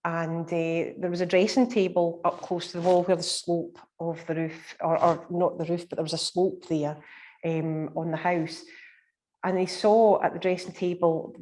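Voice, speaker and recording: A woman, a paranormal researcher, recounting ghost experiences in a chatty, measured way with many fillers. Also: lowish voice, fairly even intonation, a little mellow. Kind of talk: storytelling in conversation.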